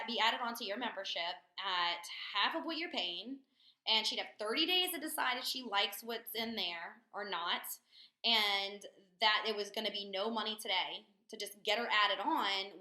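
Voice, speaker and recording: Bright, energetic woman trainer. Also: mid-range voice, moderate pace. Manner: energetic, chatty, lots of fillers. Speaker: corporate sales trainer. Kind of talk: webinar training talk. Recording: echoey room.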